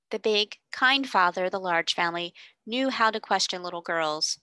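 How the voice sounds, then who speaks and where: A woman tutor reading a classic novel aloud in clear, steady storybook narration. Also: mid-range voice, moderate pace, hardly any pauses, no room sound.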